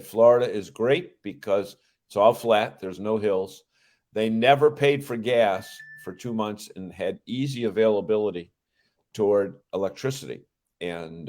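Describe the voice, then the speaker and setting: A low-voiced man co-hosts a relaxed talk show. He tells stories and trades teasing banter with his partner in an easygoing way. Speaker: co-host. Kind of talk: casual chat.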